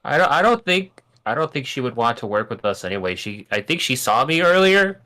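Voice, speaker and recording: Bright-voiced man chatting as a player. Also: medium pitch, sing-song. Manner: quick, restarting thoughts. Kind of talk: casual chat at a game table.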